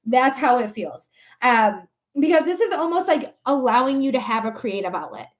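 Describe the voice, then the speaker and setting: A woman in her thirties giving a live tarot reading in a chatty, animated way, laughing often and swearing casually. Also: on the high side, normal speed. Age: 30s. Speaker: tarot reader.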